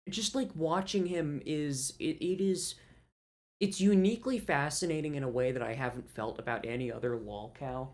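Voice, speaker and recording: A man's voice: on the high side, moderate pace. A man co-hosting a podcast in casual chat, rambling and profane, often breaking into laughter. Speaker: podcast co-host.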